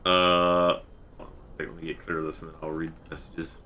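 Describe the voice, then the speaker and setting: A man's voice: extremely low pitch, flat delivery, fast talker, pushed and bright, a little hiss or hum. A man streaming a video game, thinking aloud as he plays and stopping to answer his chat. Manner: thinks aloud and mutters while playing; reads out chat messages. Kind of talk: live game-stream commentary.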